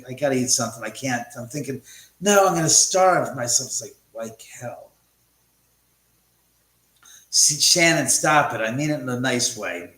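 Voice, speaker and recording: In a medium-pitched, slightly bright voice, a middle-aged man hosts a casual livestream from his house, cursing freely and joking with viewers as he reads their comments. The audio comes from a phone in an echoey room.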